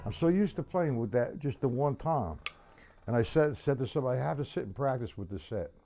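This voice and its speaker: A man runs a live-streamed drum lesson in a loose, chatty way. His voice sits at a middle pitch, and he calls out beats loudly as he plays. A drum kit thunders right behind him. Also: lively intonation, fairly quick, over loud music. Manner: chatty, counts beats aloud loudly over drumming. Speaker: drum teacher. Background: drum kit playing.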